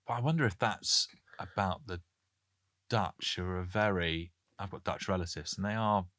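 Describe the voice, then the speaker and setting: A British man with a very low voice that still sounds bright and forceful, co-hosting a podcast in easy, joking chat. The recording is dry and close, with no room sound. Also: normal speed, no echo. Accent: British English. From Britain. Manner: jokey, reads listener messages aloud. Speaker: podcast co-host. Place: Canada.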